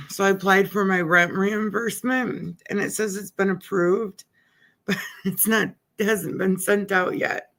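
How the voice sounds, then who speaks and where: A woman's voice: medium pitch, steady tone, unhurried, fairly bright tone. A middle-aged woman livestreaming from her living room, rambling in casual chat as if talking to herself. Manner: chatty, talks to herself. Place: living room at home by a window.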